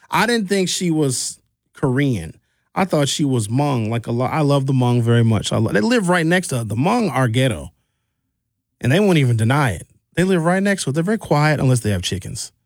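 A man with a Wisconsin accent hosting a radio talk show from a studio mic, telling stories in a joking, animated way. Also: a little high, fairly quick, creaky, no room sound. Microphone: studio microphone.

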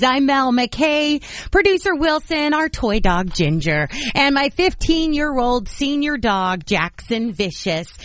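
A woman hosting a morning radio show, chatting casually and playfully with animated asides. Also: fairly high pitch, dry recording.

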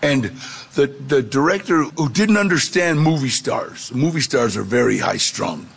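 A man telling his life story to an audience, lively and acting out the voices of the people in it. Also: medium pitch, a little slow, faint music behind. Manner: animated, gravelly storyteller who acts out quoted voices. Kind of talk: storytelling talk.

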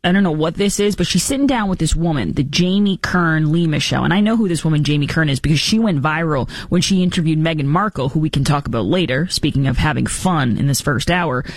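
A woman's voice: sits low, fast talker, hardly any pauses, dry recording, studio quality. A woman hosting a talk show, delivering sarcastic political commentary in a mocking tone. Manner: mocking, sarcastic, puts on silly voices for impressions. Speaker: radio talk show host.

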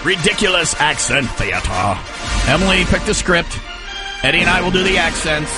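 A man's voice: on the high side, moderate pace. A man hosting a morning radio show, joking and talking over his co-hosts in casual banter. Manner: joking, animated, talks over others. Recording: radio broadcast with music.

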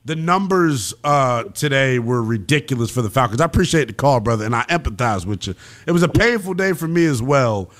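Animated sports radio host man. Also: mid-range voice, brisk. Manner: animated, blunt, slangy. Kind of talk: call-in sports talk.

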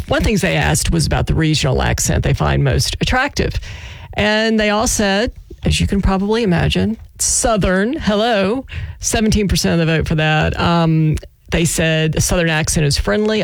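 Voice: mid-range voice, normal speed, vocal fry, dry recording. A country radio DJ in casual on-air chat, giggly and self-mocking, on a studio mic in a radio studio.

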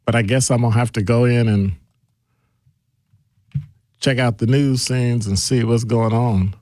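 A man hosting an afternoon call-in radio show, bantering and teasing his listeners as he reads their messages. His voice sits at an ordinary middle pitch, recorded dry and close with no room sound. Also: fairly even intonation, unhurried, warm tone, no room sound. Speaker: radio talk show host.

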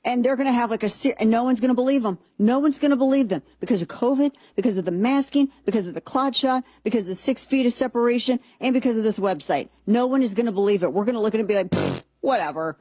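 A woman giving sarcastic, animated commentary in a casual talk, often jumping into excited squeals. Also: fairly high pitch, fast, hardly any pauses, no room sound.

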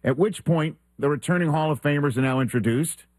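A man hosting a sports talk show, telling a lively anecdote and acting out the quoted exchanges. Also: fairly high pitch, a little fast, dry recording. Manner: animated storyteller who acts out quoted exchanges.

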